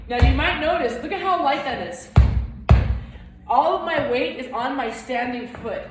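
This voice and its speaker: In an echoey room with loud music, a woman teaches a flamenco footwork lesson, explaining technique and counting beats aloud as she dances. Her voice is high-pitched at normal speed, and she's far from the mic.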